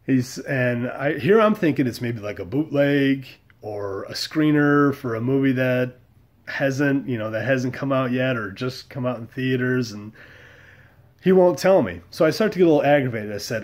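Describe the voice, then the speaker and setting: A man's voice: medium pitch, lively intonation, normal speed. A middle-aged man from the United States telling a story to camera in a blunt, wry way, with mild cursing. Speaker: vlogger. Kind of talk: casual storytelling monologue.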